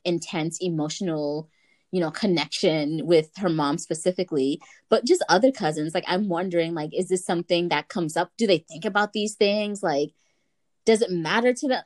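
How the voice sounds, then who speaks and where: A young adult woman talking casually with a family member, relaxed and chatty with lots of fillers. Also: lowish voice.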